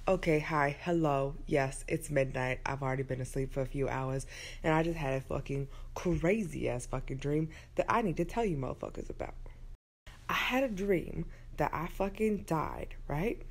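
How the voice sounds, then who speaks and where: A woman's voice: sits low, normal speed. A woman in her twenties telling a rambling, profanity-laced story into her phone at night in her bedroom. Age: 20s. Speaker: vlogger. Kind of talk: late-night phone rant.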